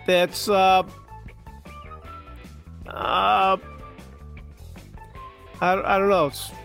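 A man's voice: high voice, level tone, extremely slow, gravelly, fairly bright tone, soft background music. A man on a talk show, hesitant and dry, making self-deprecating jokes when he doesn't know the slang. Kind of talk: casual chat.

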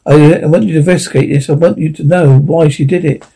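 Bitter jilted young man, harsh and flat, husky, read by a man. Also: on the high side, fast talker, low-quality recording. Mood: weary. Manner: harsh, toneless. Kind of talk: audiobook reading.

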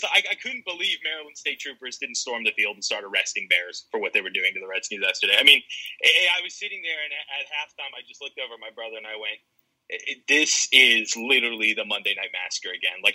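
A man's voice: medium pitch, animated, fast, sharp tone, husky, rough recording. A man contributing to a sports podcast, talking in an exasperated, stammering way with dramatic storytelling. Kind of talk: casual sports podcast chat.

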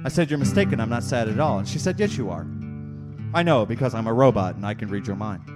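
A man performing a rhythmic spoken-word slam poem live on a stage mic, repeating lines and building to shouts. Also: medium pitch, lively intonation, quick pace, over music. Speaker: slam poet.

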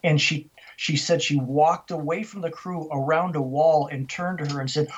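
A man's voice: a little high, measured pace, slightly rough. Older man telling a ghost story over a muffled line. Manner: animated storyteller, acting out quoted voices. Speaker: interview guest. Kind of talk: storytelling in a radio interview.

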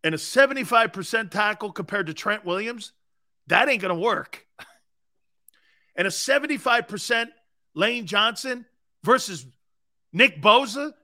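A man hosting a sports talk show in a high, bright, punchy voice. He talks brash and emphatic, tosses in "man" and "dude", and laughs at his own points. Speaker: sports radio host. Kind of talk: sports talk radio, reacting to callers.

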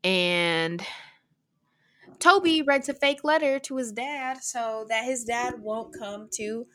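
Young woman, podcast co-host, slightly high voice, sarcastic, giggly casual recap. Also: slow pace, a bit bright. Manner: sarcastic, giggly, talks over her co-host.

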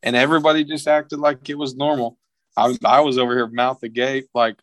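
In a laid-back podcast conversation, a young male guest recounts a story with a mid-range voice recorded dry and near the mic, free of room sound. He raises his pitch and energy to play out the quotes. His tone holds steady, and he speaks a bit quickly.

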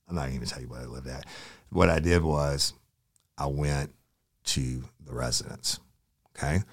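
Male storyteller, ex-lawman, very deep and dry, casual and profane. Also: no room sound. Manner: casual, profane, quotes people in dialogue. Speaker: former sheriff's investigator. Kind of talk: storytelling, recounting a case.

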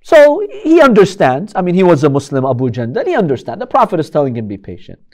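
A man's voice: high-pitched, huge pitch swings, fast, a little mellow. A man giving a religious history lecture, telling the story dramatically and asking rhetorical questions.

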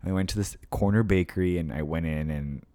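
Man, podcast co-host, casual chat, lively swearing storyteller, deep voice, dry close sound. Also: quick pace, no room sound.

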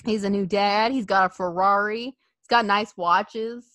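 A woman co-hosting a casual podcast, laughing often and acting out quotes in an animated way. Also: mid-range voice, a little slow, dry recording. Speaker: podcast co-host. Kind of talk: casual wrestling podcast chat.

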